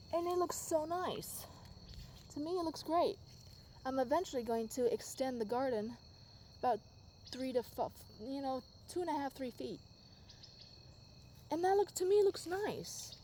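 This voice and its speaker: At dusk, a woman walks through her backyard garden filming a casual venting vlog on her phone. Her high-pitched voice swings from soft musing to loud, exasperated outbursts as she rambles, with a little hiss or hum in the recording.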